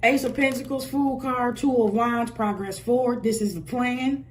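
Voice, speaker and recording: A woman's voice: a little high, steady tone, normal speed. A woman giving a casual spoken tarot reading, blunt and profane and laughing often. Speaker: tarot reader.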